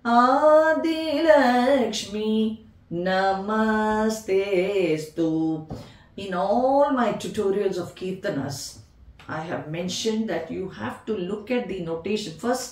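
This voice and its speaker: A woman's voice: on the low side, a little mellow, roomy sound, distant mic. A woman teaching veena in a patient tutorial, counting beats and naming the notes one by one. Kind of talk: music tutorial explanation.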